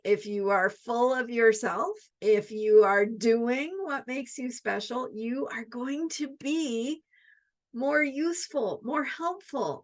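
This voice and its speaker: A woman's voice: fairly high pitch, a bit bright. A woman astrologer teaching in a reflective spoken style, often repeating her questions and asking "right?" between her points.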